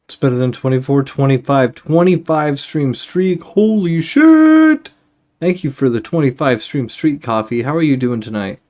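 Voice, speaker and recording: Excitable male game streamer. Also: medium pitch, fairly quick, few pauses. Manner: excitable, thanks viewers, reads game dialogue aloud. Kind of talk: live gameplay commentary.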